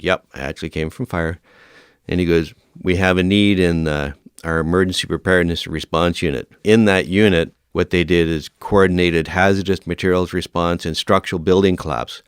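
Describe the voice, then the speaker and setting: A man's voice: sits low, clean tone, no echo, clean studio sound. A man in his fifties, a veteran firefighter and podcast guest, telling stories in a casual interview and acting out the dialogue. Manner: lively storyteller who acts out quoted dialogue.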